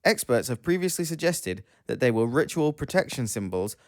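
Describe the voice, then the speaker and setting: A man's voice: mid-range voice, very animated, normal speed, darkish tone, dry recording. A man co-hosting a spooky news podcast, reading stories aloud in a dry, matter-of-fact way with small stumbles. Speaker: podcast co-host. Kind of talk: casual chat and news reading.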